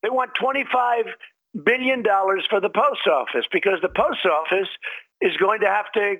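A man's voice: sits high, normal speed, sharp tone, rough recording. An older man, a politician in a TV interview, answering in a rambling, repetitive and emphatic way.

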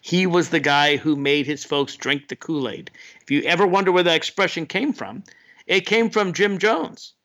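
A man hosting an opinion monologue, sardonic and animated, jumping up in pitch for mocking asides. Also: moderate pace. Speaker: political commentator host.

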